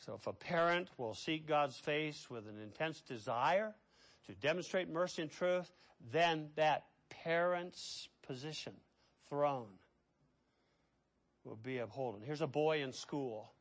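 A man's voice: on the high side, measured pace. Impassioned male pastor preaching. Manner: impassioned preaching, swinging between hushed and loud. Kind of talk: sermon.

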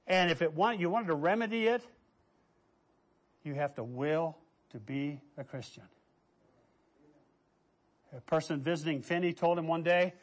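A man preaching a sermon, telling stories with lively quoted voices and quiet asides. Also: on the high side, measured pace, pauses often. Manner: animated, quotes figures in raised voice, drops to quiet asides. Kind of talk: sermon storytelling.

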